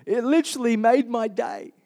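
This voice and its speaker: High-voiced pastor preaching. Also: male voice, moderate pace, dark tone. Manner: storytelling, calls of "Amen?" to the congregation. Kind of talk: sermon. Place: church hall.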